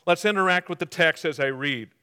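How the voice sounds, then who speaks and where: A man's voice: fairly high pitch, a little fast, sharp tone, clean tone, in a large hall. A man preaching a sermon as pastor, engaging the congregation by asking them to mark their notes and by answering his own quiz questions.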